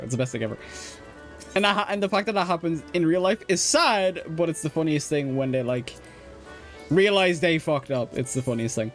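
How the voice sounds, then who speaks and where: A man's voice: fairly high pitch, moderate pace, soft background music. A young man with an Irish accent chatting casually while streaming a game, rambling with lots of fillers, restarts and laughs. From Ireland. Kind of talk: casual chat while gaming.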